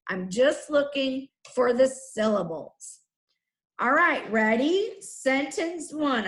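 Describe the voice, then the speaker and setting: A woman teacher slowly dictating spelling words and sentences to her class, repeating each word deliberately. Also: sits high, echoey room.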